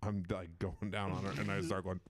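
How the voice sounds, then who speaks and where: A man's voice: low voice, no room sound. A man telling a crude story on a comedy podcast, rambling and laughing at himself. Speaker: comedian guest. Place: festival recording room.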